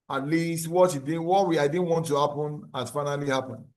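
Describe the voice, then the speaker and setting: A man lecturing a class, his voice sitting high for a man. He works through ideas step by step, repeating terms and asking if the students are following. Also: brisk. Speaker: university lecturer.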